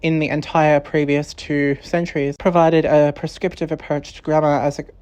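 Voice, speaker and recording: A woman narrating a scripted documentary in a measured way, reading quotations aloud. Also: low-pitched, little pitch movement, a little mellow, smooth, low-quality recording.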